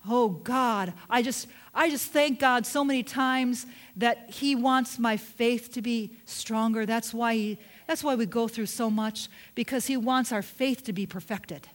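Emphatic, higher-voiced woman preaching a sermon. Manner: emphatic, repeats phrases, asks the congregation questions.

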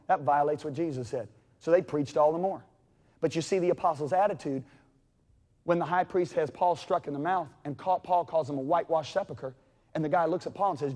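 High-voiced preacher in a reverberant hall. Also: male voice, a little fast, long pauses. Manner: dramatic storytelling, swinging from loud to hushed. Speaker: pastor. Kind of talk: sermon. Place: church sanctuary.

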